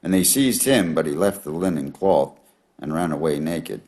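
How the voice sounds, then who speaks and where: A man reading a long Bible passage aloud in a measured, steady way. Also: very deep voice. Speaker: scripture reader.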